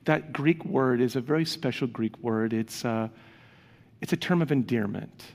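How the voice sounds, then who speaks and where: A man's voice: mid-range voice, moderate pace, darkish tone. A man preaching a sermon as a pastor, speaking earnestly and conversationally to his congregation. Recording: long reverb of a large hall.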